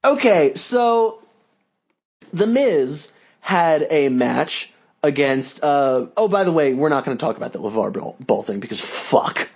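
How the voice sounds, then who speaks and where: Male podcast co-host, high voice, loose and profane banter. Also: big pitch swings, unhurried, vocal fry, a little mellow, breathy edge. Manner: joking, profane, riffs on bits. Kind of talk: casual chat.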